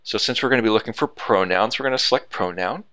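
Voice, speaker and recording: Male tutorial narrator, methodical, slightly low, close dry voice-over. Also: fast, sharp tone, dry recording. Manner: methodical, step-by-step explaining. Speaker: software tutorial instructor. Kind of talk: screen-recorded software tutorial.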